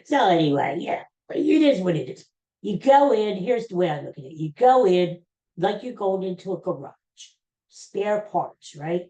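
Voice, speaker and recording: A man's voice: high voice, big pitch swings, unhurried, mellow. An older man hosting a casual solo podcast, rambling and joking in a folksy way. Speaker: podcast host. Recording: roomy echoey room.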